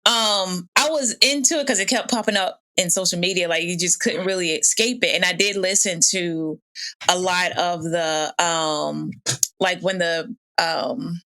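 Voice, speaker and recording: A woman in casual podcast chat, animated and storytelling, acting out quoted voices. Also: lowish voice, measured pace. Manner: animated storytelling, laughs often, acts out quotes. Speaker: podcast guest.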